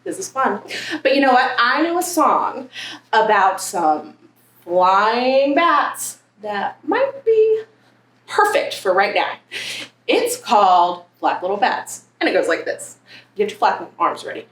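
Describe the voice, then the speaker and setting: A woman's voice: mid-range voice, big pitch swings, slow, a bit bright, recorded from a distance. A woman librarian leading a story time, reading a picture book aloud and talking playfully to young children. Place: branch library. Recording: roomy echo, faint background hiss.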